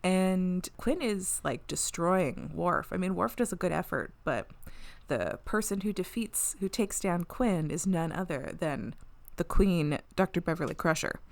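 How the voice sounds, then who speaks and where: A woman's voice: fairly low pitch, animated, unhurried, vocal fry. A woman co-hosting a podcast, recapping an episode in a chatty way and laughing often. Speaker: podcast co-host.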